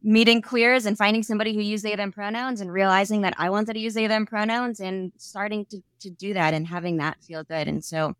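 A woman's voice: medium pitch, fairly even intonation, fairly quick, hardly any pauses, fairly bright tone, clear, resonant tone, no echo, studio quality. A nonbinary podcast guest with a female-sounding voice, young adult, speaking thoughtfully and unhurriedly with frequent "like" fillers. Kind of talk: reflective interview conversation.

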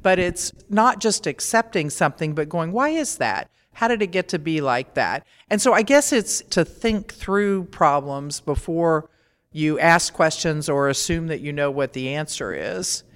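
A woman's voice: low voice, lively intonation, a little slow. A middle-aged woman, a veterinarian, answering interview questions in a plainspoken, practical, matter-of-fact way. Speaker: veterinarian guest. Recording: long reverb.

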